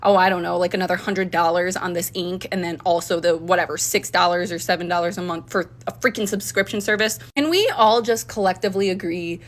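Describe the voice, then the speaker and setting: A woman's voice: fairly low pitch, fairly even intonation, brisk, few pauses. A woman commenting to her viewers in a conversational way, rallying them to act. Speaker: commentary creator.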